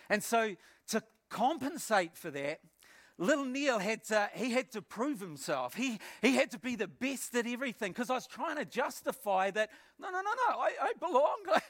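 A middle-aged pastor with a New Zealand accent shares his testimony from the pulpit. His voice sits rather high for a man. He tells his story with animation, acting out the moments and often doubling his words. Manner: animated storytelling, acts out scenes, repeats words. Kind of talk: personal testimony sermon.

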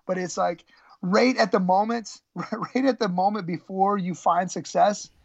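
Gravelly man telling his story haltingly. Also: sits high, fairly even intonation, no room sound, lo-fi sound. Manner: halting, many restarts and throat clearing. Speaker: guest, former college wrestler. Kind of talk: candid conversational storytelling.

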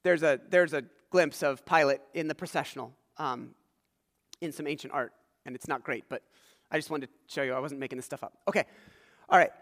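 A man preaching a sermon in a church sanctuary, his voice set high for a man. He swings between loud, stressed points and quiet, low asides. A long reverb from the big hall trails every phrase. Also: a little fast. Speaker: pastor.

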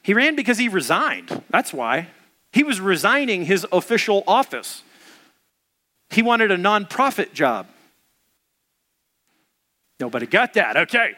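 A man's voice: sits high, big pitch swings, unhurried, long pauses, bright, forceful tone. A male preacher giving a conversational sermon who acts out quotes as he goes.

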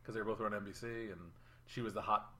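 A man co-hosting a casual podcast chat, brisk and steering the talk between topics. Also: lowish voice, steady tone, bright, forceful tone. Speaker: podcast co-host.

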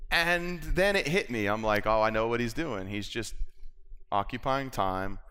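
Bright-voiced male preacher telling a story. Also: mid-range voice, unhurried, clear, resonant tone. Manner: animated storytelling, acts out quoted voices, nervous stammers. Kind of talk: sermon with personal story.

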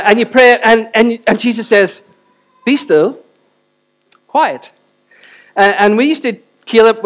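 A middle-aged man preaching a sermon and leading prayer, animated, with joking asides and rising emphasis. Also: a little high. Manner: animated, self-deprecating asides, builds to forceful emphasis. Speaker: pastor.

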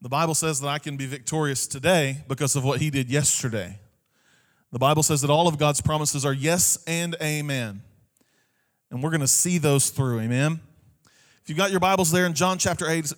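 A man's voice: on the high side, fairly quick. A male pastor preaching a sermon, repeating key phrases and often checking in with "Amen?" to the congregation.

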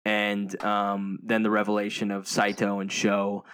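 Low-voiced man hosting casual chat. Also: completely flat delivery, unhurried, a bit bright, clean tone. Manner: rambling, many fillers. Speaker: podcast host. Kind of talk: casual movie discussion.

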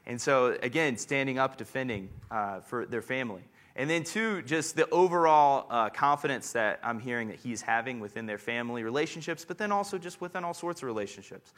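A man preaching a sermon as pastor, earnest and slowing down to stress scripture. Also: mid-range voice, expressive, fairly bright tone.

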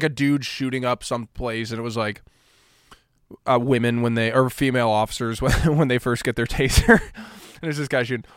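A man's voice: fairly high pitch, fairly bright tone, no echo, studio quality. A man hosting his own podcast, ranting bluntly and mockingly, with plenty of profanity. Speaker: podcast host. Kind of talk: casual podcast monologue.

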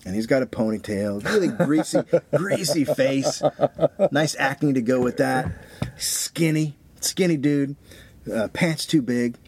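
A crowd can be heard behind this mid-range, unhurried male voice. He's a podcast co-host telling a story in relaxed, foul-mouthed chat, animated as he acts out people's words.

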